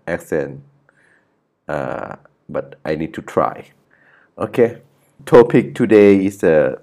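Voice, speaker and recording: Slow, deep-voiced Thai-accented man. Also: a little mellow. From Thailand, Chiang Mai. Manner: halting, with frequent restarts and self-corrections. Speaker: podcast host. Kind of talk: solo podcast monologue.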